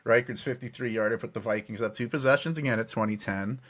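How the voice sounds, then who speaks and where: A man's voice: mid-range voice, fast talker, a bit bright. A man hosting a sports podcast, recapping football games in an upbeat play-by-play way and often correcting himself mid-sentence. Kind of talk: game recap narration.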